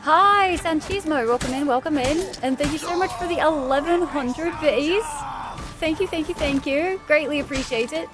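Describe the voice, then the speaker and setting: A woman's voice: high-pitched, moderate pace. A woman live streamer chatting casually with viewers while playing a game, thanking people by name and laughing easily. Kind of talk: casual chat while gaming. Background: faint game music.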